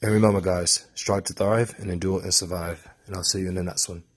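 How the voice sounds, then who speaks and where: Man doing a mock British accent, sign-off voice, low and husky, a bit louder than his own. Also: fairly even intonation, a little fast. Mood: mock-formal. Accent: put-on British. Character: himself signing off in a mock British voice.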